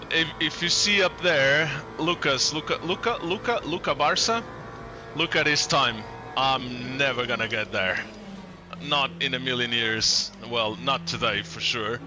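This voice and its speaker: Slow-talking male sim racing streamer. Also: medium pitch. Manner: chatty, greets viewers by name; talks while concentrating on driving. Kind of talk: live-stream chat while racing. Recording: game stream with loud background music. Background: music in the background.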